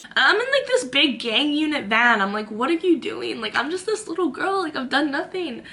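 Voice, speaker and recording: A woman's voice: high voice, very animated, moderate pace, bright, forceful tone. A young woman vlogging from her own room, telling a dramatic story in a chatty way and acting out the quotes. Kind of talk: storytime vlog.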